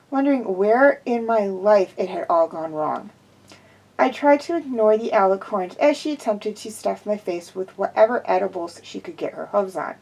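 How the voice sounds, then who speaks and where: A woman's voice: on the high side, darkish tone, low-quality recording. A woman reading a first-person fan fiction story aloud as an amateur storybook narrator who often slips and corrects herself. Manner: frequent slips and self-corrections.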